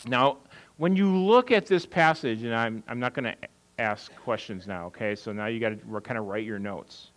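A man's voice: medium pitch, moderate pace, poor audio. A middle-aged man, a pastor, giving a conversational sermon, asking questions and answering them himself. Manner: conversational preaching, asks and answers his own questions.

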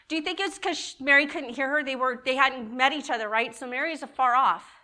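A middle-aged woman giving an animated, emotional sermon to a group, repeating key words for emphasis. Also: high-pitched, fairly quick. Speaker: women's ministry speaker.

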